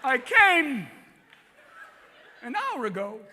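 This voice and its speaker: Man putting on an eerie deadpan voice, halting odd pauses, lively pitch jumps. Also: full character voice. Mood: menacing. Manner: clipped halting phrasing with strange pauses. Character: eerie deadpan middle-aged man, oddly intense. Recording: live hall reverb, crowd noise.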